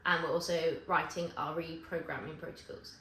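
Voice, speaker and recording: A woman vlogging to camera in casual chat, rambling and correcting herself with quick asides. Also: sits low, little pitch movement, fairly bright tone, slight background noise. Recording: echoey room with faint ambience.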